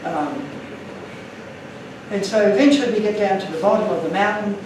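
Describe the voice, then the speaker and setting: A man's voice: high-pitched, normal speed, heavy reverb, far from the mic, noisy background. A man giving an earnest, emotional talk to an audience, telling stories from his slides. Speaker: guest speaker.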